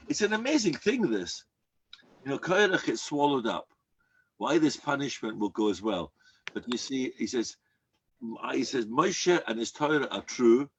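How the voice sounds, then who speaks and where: A rabbi giving a sermon, telling a story and acting out the people in it. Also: male voice, mid-range voice, slightly rough. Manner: animated storyteller acting out quoted characters. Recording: dull lo-fi recording.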